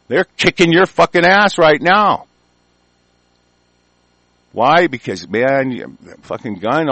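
A man's voice: mid-range voice, a bit bright, no room sound. Man, profane ranting host, angry, dry close sound. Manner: angry, heavily profane, stumbling restarts. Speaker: talk show host. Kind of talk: profane political rant. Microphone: conference call line.

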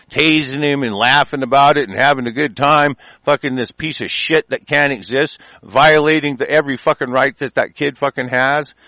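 A man's voice: mid-range voice, fairly bright tone, no room sound. A man from the United States delivering an angry political rant, profane and combative throughout.

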